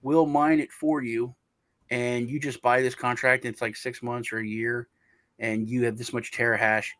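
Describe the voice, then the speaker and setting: A man's voice: mid-range voice, little pitch movement, normal speed, fairly bright tone, dry recording. A man hosting a casual crypto chat show, rambling through stories with lots of fillers and restarts.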